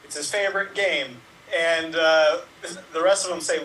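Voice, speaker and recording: A man's voice: on the high side, fairly even intonation, moderate pace, bright, forceful tone, distant mic, a little hiss or hum, low-quality recording. A man improv player telling short comic bar jokes. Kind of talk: telling quick setup-punchline jokes.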